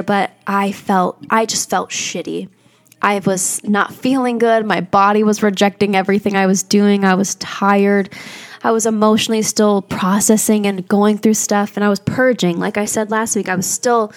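A woman's voice: medium pitch, steady tone, moderate pace. A young woman hosting a podcast, talking candidly and confessionally in a rambling way, with many "like"s. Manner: rambling and confessional, heavy use of "like". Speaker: podcast host. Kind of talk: candid personal podcast monologue.

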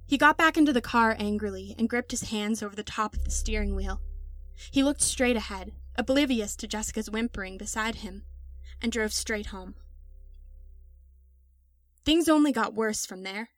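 A woman narrating a dark story in a measured, dramatic storytelling manner. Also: fairly high pitch, no echo. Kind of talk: scripted narration.

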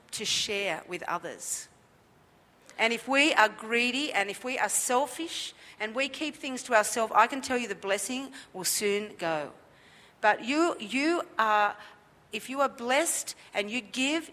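A woman preacher delivers a sermon in a clear, bright voice that sits a little high. She drives her points home by repeating them and asking the congregation questions. Her voice trails off into the long reverb of a church hall. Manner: emphatic and repetitive, with rhetorical questions. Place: church service.

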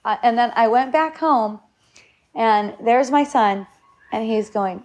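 A woman's voice: medium pitch, lively intonation, unhurried. A middle-aged woman giving a casual spiritual talk, rambling and repeating her words as she goes. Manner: rambling, repeats words, acts out shouts and quotes.

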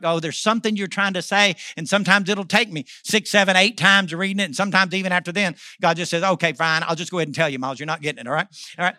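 A man in his fifties preaching with a high, very bright voice. He tells his story in a swinging delivery that climbs loud and drops to a hush. The sound is close and dry. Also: no room sound. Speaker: pastor. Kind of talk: sermon.

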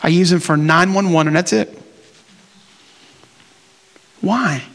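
A man giving a conversational, animated sermon, acting out prayers in plain everyday talk. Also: sits high, slow, long reverb tail. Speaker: preacher.

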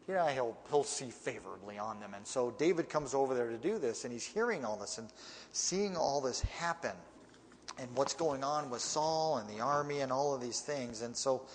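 A man's voice: medium pitch, animated, normal speed, in a large hall, slight background noise. A man reading Bible verses and explaining them in a plain, conversational way. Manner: conversational, plain-spoken asides between readings. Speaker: preacher teaching a Bible passage.

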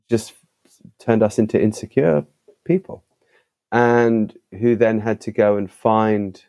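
Emphatic man with a mellow, lowish voice. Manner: animated, emphatic, with vivid asides. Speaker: podcast guest, author. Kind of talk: conversational storytelling.

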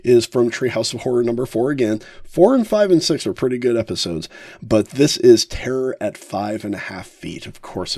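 A man hosting a casual podcast, ranking favorite episodes with frequent chuckles and halting fillers. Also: lowish voice, a little mellow, dry recording, clean studio sound. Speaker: podcast host.

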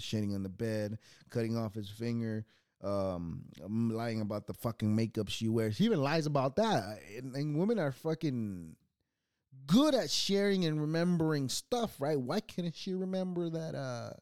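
A man's voice: medium pitch, a little mellow, no echo, clean studio sound. A young adult man hosting his own show, ranting casually with a lot of swearing and mocking laughter. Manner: profane, mocking, laughs often. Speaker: podcast host.

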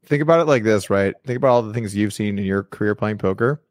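A man's voice: lowish voice, quick pace, no room sound, studio quality. A man hosting a casual chat, telling stories and stumbling over his words now and then. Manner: storytelling, stumbles and repeats words. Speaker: podcast host.

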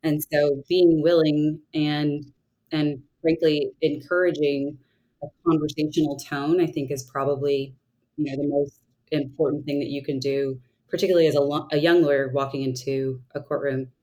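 A woman's voice: deep voice, flat delivery, normal speed, mellow, rough recording. A woman in her thirties from the Southern United States, a trial lawyer speaking thoughtfully and earnestly as a podcast guest, often restarting her sentences. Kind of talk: reflective conversational interview answers.

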